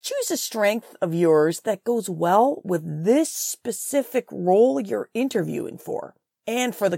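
A woman's voice: mid-range voice, creaky, slightly rough, no echo, studio quality. A woman from Canada, a career coach, giving direct, blunt interview advice on her podcast. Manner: direct, blunt, animated with laughs.

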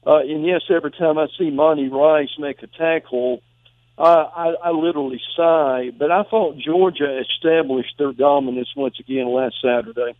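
A man's voice: on the high side, fairly even intonation, normal speed, dry recording. Stammering male guest on a tinny phone line. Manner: emphatic, stammers and restarts. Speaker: college football guest analyst. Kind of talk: phoned-in sports radio talk.

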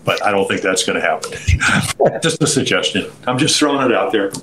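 An older man, a former pitcher and broadcaster, telling long anecdotes with restarts and quoted voices in an interview. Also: lively intonation, brisk, sharp tone, a little hiss or hum, rough recording. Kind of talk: storytelling interview.

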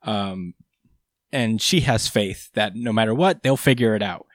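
A man's voice: lowish voice, a little slow, no room sound, studio quality. A young man co-hosting a casual podcast, recapping a manga chapter in a rambling way with lots of fillers. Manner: rambling, filler-heavy retelling. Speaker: podcast co-host.

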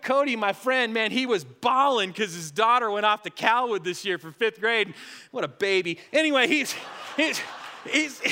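A middle-aged man preaching a sermon as pastor. He tells stories with many restarts and drops to a hush on solemn lines. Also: extremely high pitch, in a large hall. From Colorado.

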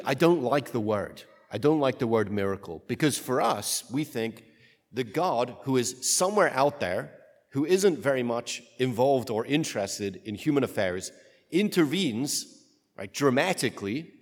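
Brief: male priest, mid-pitched, conversational homily, long echo of a large church. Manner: conversational, asks rhetorical "right?". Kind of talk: gospel reading and homily. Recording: long reverb of a large room.

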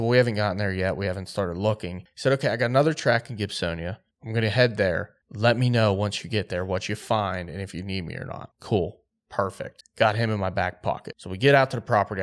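A man co-hosting a podcast, telling a story in a casual, laid-back way full of "like" and quoted dialogue. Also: on the low side. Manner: excited, lively retelling with quoted dialogue; laid-back, filler-heavy speech with frequent "like". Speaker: podcast co-host.

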